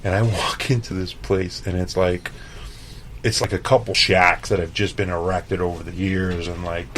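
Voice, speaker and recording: A man from El Paso, a chef telling stories in a casual interview, animated and swearing freely, peppering his talk with "like" and "right?". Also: sits low, moderate pace, background noise. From El Paso, Texas. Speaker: chef, podcast guest.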